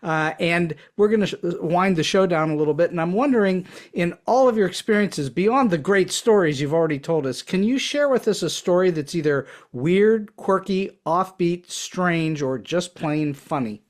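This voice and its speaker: Man hosting an interview, high voice. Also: animated. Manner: measured, courteous questions. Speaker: podcast host.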